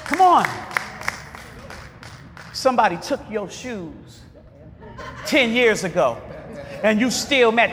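Preacher guy, real high animated voice, call and response, yells sometimes, long church reverb. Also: takes it slowly, long pauses, a faint crowd. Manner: call-and-response questions, bursts of shouting. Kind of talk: sermon. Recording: long reverb of a large hall.

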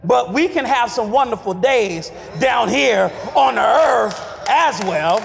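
A pastor preaching a sermon with call-and-response and shouted refrains. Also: male voice, extremely high pitch, expressive, takes it slowly, gravelly, in a large hall, a little hiss or hum.

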